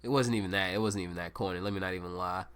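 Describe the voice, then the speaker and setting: A man's voice: low voice, fairly even intonation, rapid-fire, a bit bright, clean tone. A young man hosting a solo podcast, rambling and swearing through a casual story with self-mocking asides. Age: young adult. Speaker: podcast host.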